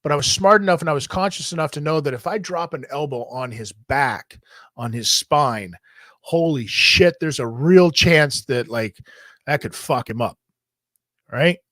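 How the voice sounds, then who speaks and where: A man's voice: on the high side, moderate pace, fairly bright tone, dry recording. A man hosting a talk show, telling a story in a casual, profane and jokey way. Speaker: host.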